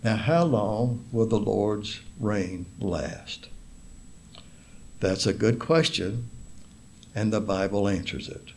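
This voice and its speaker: A man preaching a sermon in a slow, deliberate way, stressing single words and reading scripture aloud. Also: lowish voice, gravelly, a little mellow. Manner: reads scripture aloud in King James wording.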